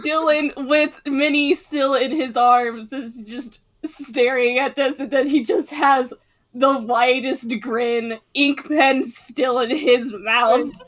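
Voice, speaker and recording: A woman's voice: high voice, fairly even intonation, slow pace. A woman player in a tabletop game describing her character in an amused way. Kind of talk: casual chat.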